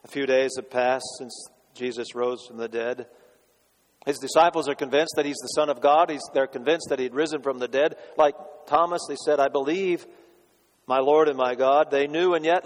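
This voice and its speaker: A man, a pastor, preaching a sermon in a church and shifting between loud declarations and hushed questions to the congregation. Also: a little high, fairly even intonation, normal speed. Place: church sanctuary. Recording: long reverb of a church hall.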